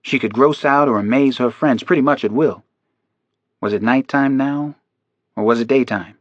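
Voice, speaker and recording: A man narrating a crime thriller audiobook in a steady, measured delivery. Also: medium pitch, no room sound, lo-fi sound.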